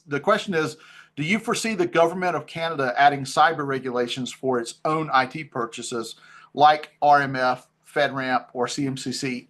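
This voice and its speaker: A man moderating a panel discussion, thinking aloud as he frames questions in a relaxed, conversational way. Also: medium pitch.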